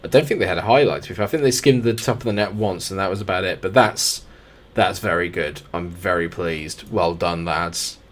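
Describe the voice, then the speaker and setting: A man's voice: deep voice, brisk. Chatty man calling a football game. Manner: excitable play-by-play, chatty asides to players. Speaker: gaming YouTuber. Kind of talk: live football sim commentary.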